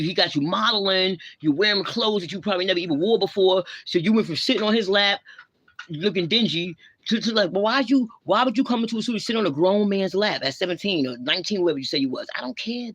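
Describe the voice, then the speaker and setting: A woman's voice: medium pitch, breathy edge, no echo. A woman hosting a livestream, ranting and scolding in blunt, slang-heavy talk with a lecturing tone. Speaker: livestream host. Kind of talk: ranting live commentary.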